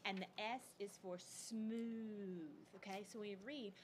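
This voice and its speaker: A woman teaching second graders in a recorded lesson, upbeat and expressive in a teacherly way. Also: mid-range voice, a little slow, hardly any pauses, a little hiss or hum.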